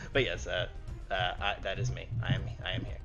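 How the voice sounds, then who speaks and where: A man's voice: sits low, flat delivery, normal speed, vocal fry, muffled recording, over loud music. A man in casual chat on a tabletop gaming stream, laughing, rambling and swearing casually. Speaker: co-game master and player.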